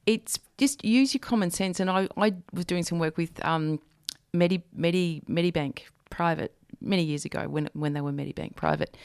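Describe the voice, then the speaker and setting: Low, smooth-voiced woman host. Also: no room sound, studio quality. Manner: chatty, agreeable. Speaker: podcast host. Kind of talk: casual interview chat.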